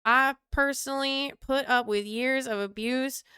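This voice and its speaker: A woman's voice: sits high, steady tone, a little slow, pushed and bright, clear, resonant tone, no room sound, studio quality. A woman voicing a fed-up Southern Trump supporter ranting online, in a put-on Southern accent with indignant, folksy exclamations.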